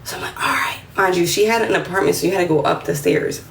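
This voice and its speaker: Speaking quickly in a gravelly, lowish voice, this twenty-something New Yorker recounts a casual story on her livestream. She's slangy and lively, raising her voice to act out what people said. The phone audio sounds roomy and a little distant, with faint room noise.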